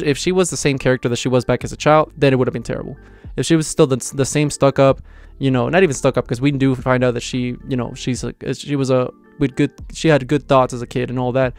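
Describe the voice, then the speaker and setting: A young man talks through a manga chapter in a loose, rambling review, with plenty of fillers and restarts. His voice is smooth and clear at an ordinary middle pitch. Faint music plays behind him. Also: darkish tone. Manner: rambling, filler-heavy, enthusiastic. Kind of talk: casual video review.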